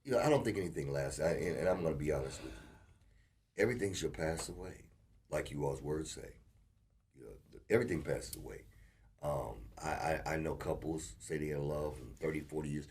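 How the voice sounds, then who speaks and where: A man co-hosting a casual relationship talk show, telling animated stories and acting out quotes. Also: extremely low pitch, brisk. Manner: animated storyteller, acts out quotes. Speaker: co-host.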